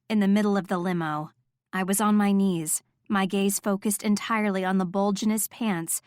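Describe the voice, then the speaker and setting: This is a woman with a mid-pitched voice narrating a first-person romance audiobook. Her delivery is soft and intimate, captured close with a completely dry sound.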